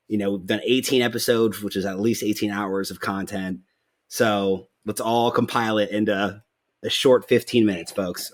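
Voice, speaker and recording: A young man hosting a podcast, chatting casually, rambling with lots of fillers and swearing freely. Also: lowish voice. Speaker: podcast host. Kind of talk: casual chat.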